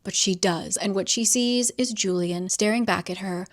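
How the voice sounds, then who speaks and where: A woman's voice: medium pitch, normal speed. Brief: a chatty woman with a mid-range voice giving a wry, giggly casual plot recap. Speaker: book summary creator.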